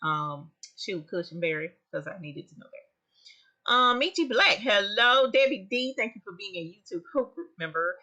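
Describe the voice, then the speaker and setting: Bright-voiced woman hosting a live chat. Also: mid-range voice, normal speed. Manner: expressive, chatty, greets viewers by name. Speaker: livestream host of an embroidery channel. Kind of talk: casual live chat with viewers.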